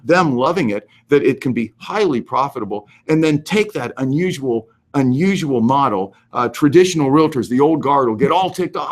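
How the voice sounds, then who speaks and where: Animated man hosting a live real estate Q&A. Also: medium pitch, moderate pace, hardly any pauses. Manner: animated, emphatic, goes overboard. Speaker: host answering real estate questions. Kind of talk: live Q&A, casual advice.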